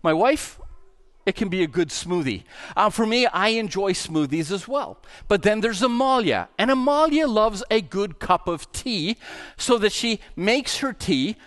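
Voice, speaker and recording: Male pastor, middle-aged, higher-pitched, animated storyteller in a church sermon. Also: measured pace. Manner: animated, acts out voices in the story.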